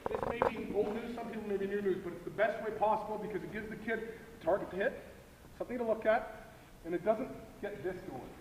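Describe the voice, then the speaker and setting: A man's voice: high voice, fast. A man coaching youth football linemen at a clinic, emphatic and repetitive, often checking in with "okay?", recorded from far away in a large indoor hall. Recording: echoey hall, far from mic, noisy.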